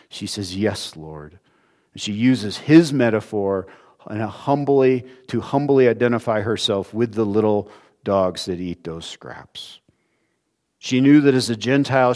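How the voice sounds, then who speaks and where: A man preaching a sermon, expressive, moving between emphatic lines and hushed, quiet ones. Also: medium pitch.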